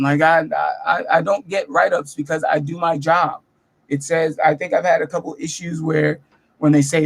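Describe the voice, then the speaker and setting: A young man chatting casually at home in his bedroom, telling profane, self-mocking stories with animated delivery. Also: fairly high pitch, normal speed, gravelly. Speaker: comedian vlogger. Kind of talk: casual storytelling vlog.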